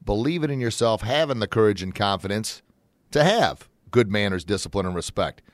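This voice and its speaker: A man hosting his own motivational talk show in a folksy, upbeat manner that jumps into excited shouts when he acts out examples. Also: on the low side, fairly quick, dry recording, studio quality.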